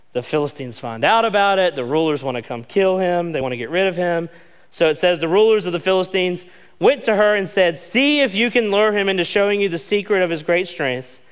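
A man preaching a sermon in a casual, animated way, full of "like" asides, acting out the quotes he reads. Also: on the high side, clean tone. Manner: conversational, animated, many "like" asides, acts out quotes. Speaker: pastor. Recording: long reverb of a large hall.

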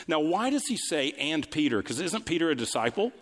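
A male pastor delivering a sermon, building lines through repetition and swinging between raised and hushed delivery. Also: very animated. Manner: preaching with sweeping pitch swings, quick asides and repetition. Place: church sanctuary. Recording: long reverb of a large hall.

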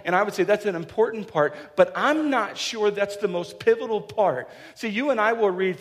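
A man's voice: sits high, unhurried. A man in his thirties preaching a sermon, joking and acting out little quotes as he goes. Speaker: pastor.

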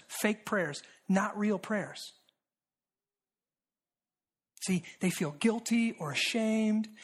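Preacher, rhetorical and repetitive. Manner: rhetorical and repetitive, with frequent "right?" asides; drops low and quiet for emphasis. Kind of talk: sermon.

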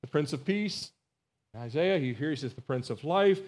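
A man's voice: on the high side, lively intonation, moderate pace, a little mellow. A male pastor preaching a Bible study sermon, earnest and emphatic, repeating words and calling out to his congregation. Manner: earnest, emphatic, rising on key phrases, asks the congregation "Amen?"; repeats words and restarts phrases.

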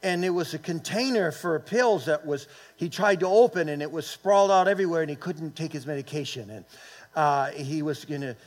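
A man's voice: a little high, brisk. A man in his late fifties or older preaching a sermon, telling a personal story and calling on the congregation to respond. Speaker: pastor.

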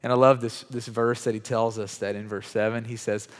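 A man's voice: lowish voice, flat delivery, fairly quick, big-room sound. A man preaching a sermon in a church, talking conversationally, putting questions to his congregation, with many restarts and fillers. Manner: frequent "like" and repeated false starts. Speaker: pastor. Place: church hall with chairs.

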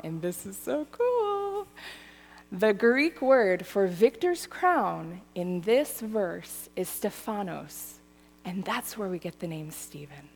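A woman in her thirties giving a sermon, telling a story with lively, animated delivery. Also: mid-range voice, unhurried. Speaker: church speaker. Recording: hall reverb.

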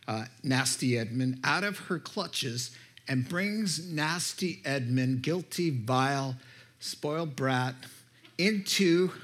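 A man's voice: medium pitch, lively intonation, takes it slowly, fairly bright tone. A man preaching a sermon, telling a story in an emphatic way and often asking his listeners "right?".

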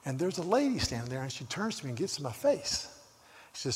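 Older pastor preaching in a hall. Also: male voice, medium pitch, fast. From Southern United States. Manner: animated storyteller, shifting from quiet asides to loud emphatic scripture reading. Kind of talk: sermon. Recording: long reverb of a large hall.

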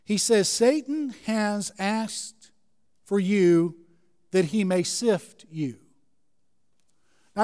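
A man's voice: high voice, big-room sound. A man preaching a sermon as a pastor, earnestly explaining scripture verse by verse.

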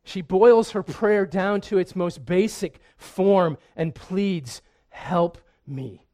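Slow, earnest male preacher. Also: high voice, dark tone. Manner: earnest, often repeats words as he restarts. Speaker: pastor. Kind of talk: sermon.

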